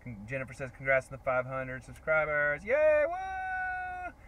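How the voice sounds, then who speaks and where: A man co-hosting a livestream, reading out viewer comments in a relaxed way with fillers. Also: mid-range voice, fairly quick, a little hiss or hum. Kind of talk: casual livestream chat.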